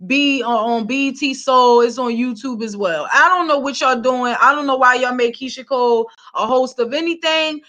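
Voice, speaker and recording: A woman's voice: high voice, normal speed, few pauses, sharp tone. A woman from Philadelphia hosting a celebrity gossip vlog, ranting heatedly and cursing as she talks straight to the camera. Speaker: vlog host.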